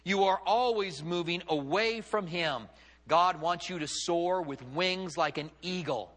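A man preaches in a high, bright, ringing voice, acting out the lines he quotes with sweeping dramatic rises and drops. His words trail off into the long reverb of a church sanctuary. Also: measured pace. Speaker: pastor. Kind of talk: sermon.

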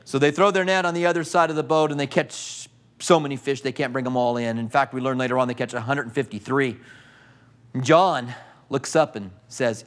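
A man's voice: mid-range voice, moderate pace, fairly bright tone. A man preaching a sermon, retelling a story vividly and asking his listeners questions.

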